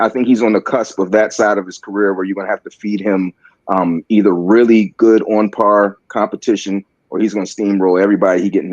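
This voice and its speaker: A man's voice: fairly low pitch, darkish tone, no echo, muffled recording. A man with a Baltimore accent giving casual, joking sports opinions, full of fillers and restarts. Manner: halting, filler-heavy, joking. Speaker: panelist on a sports talk stream.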